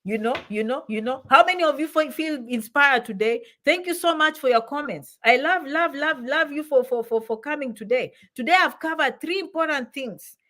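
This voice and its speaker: A woman's voice: high-pitched, moderate pace, hardly any pauses, pushed and bright. A middle-aged woman hosting an immigration advice live stream, talking emphatically to her viewers, repeating herself and breaking off for affectionate asides. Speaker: immigration advice channel host.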